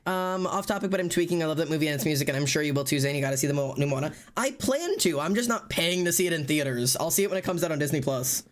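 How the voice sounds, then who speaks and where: A streamer chatting casually and loudly to live viewers, rambling and poking fun at themself. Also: medium pitch, expressive, fast, hardly any pauses. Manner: loud, rambling and self-mocking. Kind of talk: casual livestream chat to viewers.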